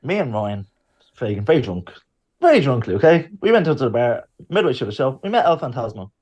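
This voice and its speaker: Lively man telling a story. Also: medium pitch, brisk. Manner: lively storyteller, acts out quotes. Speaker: podcast co-host. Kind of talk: casual storytelling.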